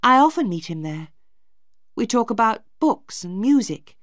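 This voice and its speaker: A woman's voice: fairly high pitch, big pitch swings, measured pace, no echo, studio quality, pitched above the performer's own voice. A woman voicing a young woman, Maggie, earnest and pleading in a storybook reading. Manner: pleading, emotional.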